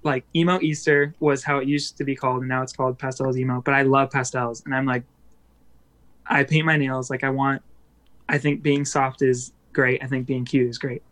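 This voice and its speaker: A man's voice: medium pitch, flat delivery, a little fast, fairly bright tone. A young adult man, a musician guest on a podcast, chatting casually and rambling with many fillers and restarts.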